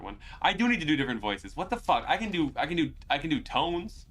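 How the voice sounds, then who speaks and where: Excitable swearing man playing a game. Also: fairly high pitch, quick pace, few pauses, slight background noise. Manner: swears often, loud and excitable reactions. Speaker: gaming streamer. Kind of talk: casual let's-play commentary.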